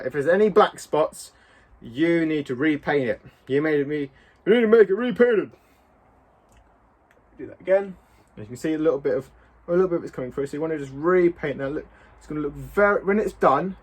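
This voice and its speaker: A man, chatting casually while he paints a prop, rambling and poking fun at himself. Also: fairly high pitch. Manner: rambling, self-mocking, chatty with asides. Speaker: cosplay prop maker.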